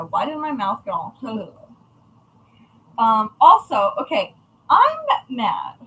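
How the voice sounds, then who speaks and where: A woman livestreaming from her craft shop, swearing freely and poking fun at herself. Her voice sits high and swings wildly up and down, with a bright, sharp edge. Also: very animated, slow, pauses often, slight background noise, low-quality recording. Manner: chatty, profane, self-mocking. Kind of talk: casual livestream chat.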